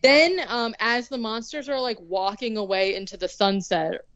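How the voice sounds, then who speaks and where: A woman's voice: on the high side, steady tone, normal speed, a bit bright, no room sound, dull audio. A young woman casually recapping a movie on a podcast, sarcastic and rambling, full of "like" and the odd swear word.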